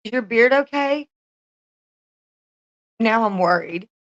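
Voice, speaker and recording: A woman's voice: a little high, animated, takes it slowly, fairly bright tone, no echo, lo-fi sound. A woman chatting casually on a livestream, laughing often and swearing freely as she talks to her viewers.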